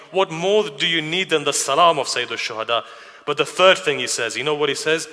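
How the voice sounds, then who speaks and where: A man's voice: fairly high pitch, a little fast, bright, forceful tone. A man delivering a narrative sermon at a mourning gathering, telling the story with emotion and asking rhetorical questions. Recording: reverberant hall.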